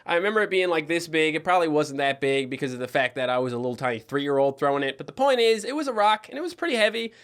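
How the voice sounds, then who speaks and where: A man's voice: fairly high pitch, fast talker, few pauses, a bit bright, clear, resonant tone. A young man in his twenties with a Newfoundland accent, telling a childhood story in a casual, joking commentary with the odd swear. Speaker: YouTuber.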